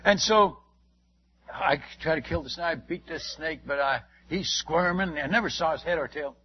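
An older man, a missionary, tells stories in an animated sermon, chuckling often and repeating his words. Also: a little high, normal speed, slight background noise. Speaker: missionary speaker. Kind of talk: storytelling sermon. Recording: dull lo-fi recording.

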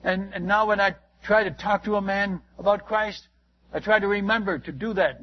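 An older man, a missionary preacher, telling stories in a sermon, animated and acting out the dialogue with frequent restarts. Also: sits high, normal speed, lo-fi sound. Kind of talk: sermon storytelling.

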